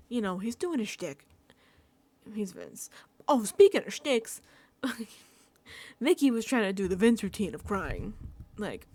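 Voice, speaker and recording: A woman's voice: fairly high pitch, sing-song, a little slow, long pauses, darkish tone. A young woman giving a sassy, gossipy recap of a reality show, acting out quotes from the contestants. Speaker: recap vlogger.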